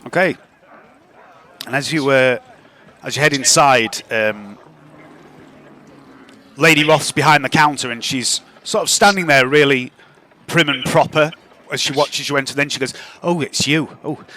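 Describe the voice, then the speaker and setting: A man's voice: medium pitch, a little slow, long pauses, bright, forceful tone. A man narrating as game master of a tabletop game, loose and laughing, with many fillers.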